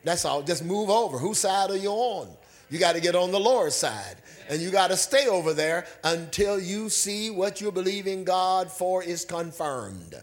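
A man's voice: sits high, animated, moderate pace. A man preaching a sermon, calling for amens, repeating phrases and rising at times into a half-sung delivery. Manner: call-and-response preaching, rising to near-song. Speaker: pastor.

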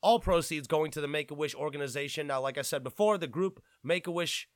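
A man's voice: a little high, brisk, no echo. A man hosting a gaming podcast, ranting with lots of swearing and fired-up outbursts. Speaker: podcast host.

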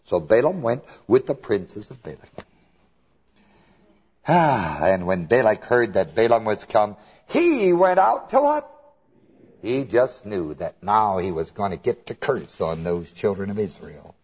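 A man teaches scripture in a folksy, chuckling way, slow and unhurried with a lively, swooping delivery. His voice is husky. The recording is dull and lo-fi. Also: deep voice. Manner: chuckling, colloquial storytelling. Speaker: preacher.

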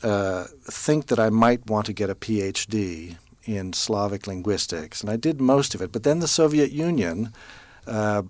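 Low-pitched American man in his fifties, measured and thoughtful, pausing with fillers, dry recording. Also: darkish tone, no room sound. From United States. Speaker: interview guest, interpreter. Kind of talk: relaxed storytelling in an interview.

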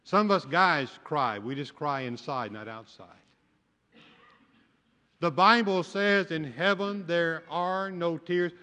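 Speaking slowly, an older pastor uses a higher voice that sounds pushed and bright as he preaches with folksy storytelling and humor. The sermon is recorded in a church sanctuary with long church hall reverb.

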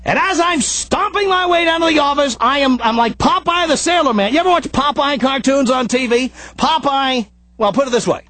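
A man hosting a talk radio show, telling an angry story and ranting, often raising his voice to a shout. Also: extremely high pitch, moderate pace, no echo. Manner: animated, frequently shouting in anger. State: out of breath. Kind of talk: ranting monologue.

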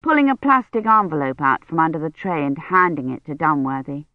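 A narrator reading a novel aloud in a measured, even storytelling voice. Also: medium pitch, dry recording. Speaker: audiobook narrator. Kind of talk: scripted audiobook narration. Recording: dry, dull lo-fi recording.

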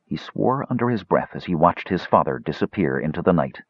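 A man narrating a fantasy story in a dramatic, expressive reading. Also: sits low, a little fast, husky, dry recording, dull audio. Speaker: audiobook narrator.

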